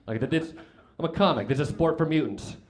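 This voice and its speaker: A young man performing stand-up comedy at a club on a handheld mic, rambling through a story with lots of fillers and sudden loud outbursts. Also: fairly high pitch, fast talker, background noise. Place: comedy club stage with audience laughter.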